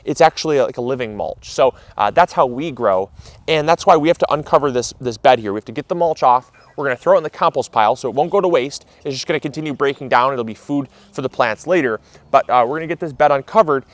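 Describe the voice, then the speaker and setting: A man hosting a gardening vlog, talking outdoors in an upbeat, chatty way and often pausing on fillers. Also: medium pitch, dry recording. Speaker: gardening channel host. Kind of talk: casual instructional vlog.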